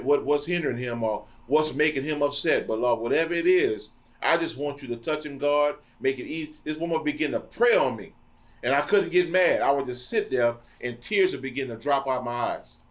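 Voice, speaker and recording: Middle-aged male podcast host, slightly raised pitch, impassioned blunt preaching delivery. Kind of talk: preaching monologue.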